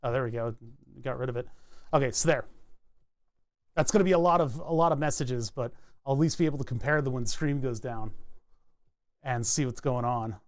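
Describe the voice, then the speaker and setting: A man streaming live, thinking aloud in a halting, self-interrupting way as he works through a technical problem. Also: medium pitch. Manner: muttering, halting, self-interrupting while debugging.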